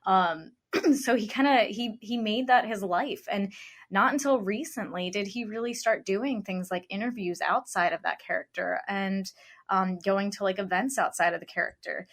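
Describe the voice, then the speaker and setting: A woman co-hosting a podcast in relaxed, enthusiastic conversation. Her pitch sits in an ordinary middle range, and she keeps slipping "like" into the middle of her sentences. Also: normal speed. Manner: says "like" often mid-sentence; chatty, enthusiastic. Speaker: podcast co-host. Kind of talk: casual chat.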